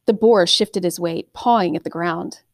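Female audiobook narrator, steady and measured, dry close sound. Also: on the low side, no echo. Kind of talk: scripted fantasy novel narration.

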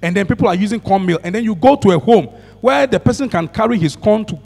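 Gravelly high-voiced preacher in a hall. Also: male voice, animated, quick pace, a little mellow. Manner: preaching with call-and-response and frequent hallelujahs. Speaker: pastor. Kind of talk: sermon. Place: church.

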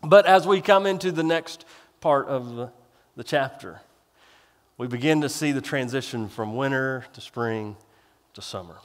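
A man's voice: medium pitch, normal speed, in a large hall. A male pastor preaching a sermon in a folksy, rambling way, with restarts and self-deprecating humor.

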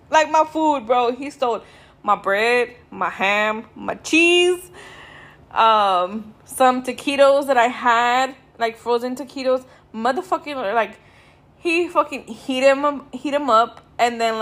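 Tired, sweary woman. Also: fairly high pitch. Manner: sweary, laid-back, drawn-out and tired. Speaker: podcast host. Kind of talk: casual storytelling.

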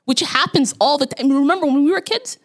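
A woman's voice: high-pitched, a little fast. A young woman co-hosting a podcast in casual chat, earnest and given to repeating herself for emphasis. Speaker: podcast co-host.

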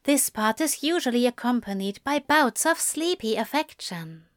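A woman's voice: a little high, lively intonation, moderate pace, lightly acted. A woman doing a fond, wry male caretaker. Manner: fond, gently teasing. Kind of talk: audiobook reading of fan fiction.

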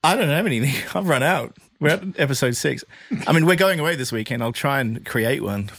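A man co-hosting a podcast in casual chat, jokey and quick to laugh. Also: medium pitch, animated, vocal fry, a bit bright, no echo. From Australia. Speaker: podcast co-host.

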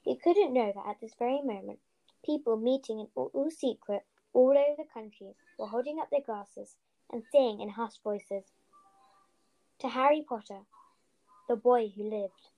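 A woman co-hosting a podcast, reading a children's novel aloud with steady storytelling and a few slips. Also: a little high, normal speed, vocal fry, highs cut off. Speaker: podcast co-host, reader.

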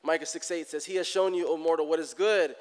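Animated pastor preaching in a church hall. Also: male voice, a little high, fast, smooth. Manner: animated, rises loud for emphasis, acts out prayers. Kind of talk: sermon.

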